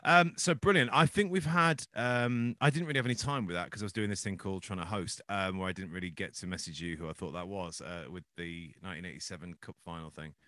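A quick-talking man hosts a casual podcast, rambling and joking at his own expense. His voice sits on the low side and the recording is dry and close. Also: fairly even intonation, bright, forceful tone, no echo. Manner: rambling, jokey, self-deprecating. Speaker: podcast host. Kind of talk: casual chat.

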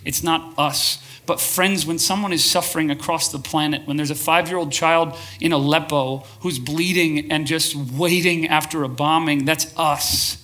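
A man's voice: a little high, fairly even intonation, normal speed, few pauses, pushed and bright. A man preaching a sermon to a live congregation, passionate and restless, often asking for a show of hands and restarting his phrases as he builds up. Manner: passionate, asks the crowd for shows of hands. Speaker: pastor.

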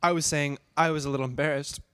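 A man co-hosting a casual podcast chat, candid and quick to laugh, often trailing off mid-thought. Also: fairly high pitch, fairly even intonation, a bit bright, smooth, no echo. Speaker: podcast co-host.

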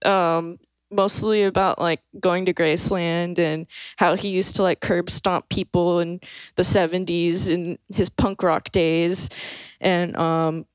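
Speaking slowly in a lowish voice with a level tone, a young woman guest on a podcast relates a story. She's relaxed and amused, full of fillers and small laughs, and the close-mic recording is clean and dry.

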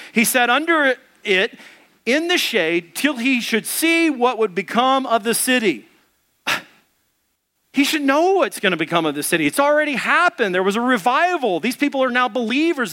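A man's voice: sits high, sharp tone. A man preaching a conversational sermon, often asking the congregation questions and reading along with them. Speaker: pastor.

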